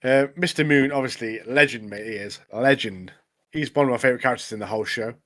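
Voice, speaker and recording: A man's voice: mid-range voice, fast, fairly bright tone. A man co-hosting a podcast, chatting casually and eagerly in slang. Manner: enthusiastic, slangy, keeps saying mate. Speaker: podcast co-host. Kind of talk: casual chat.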